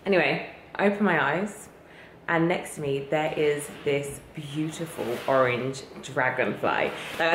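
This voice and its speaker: A woman talking casually to her camera in a garden, chatty and excitable, laughing often. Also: deep voice. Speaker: vlogger. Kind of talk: casual home vlog. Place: outdoors in a garden. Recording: echoey with loud background noise.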